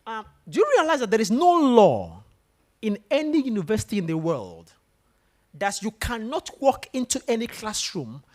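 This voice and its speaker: This is a man giving a motivational talk to students in a lecture room. His voice rises and falls in a lively, animated way. He tells stories and keeps asking the room questions. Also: high-pitched, normal speed. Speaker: guest speaker.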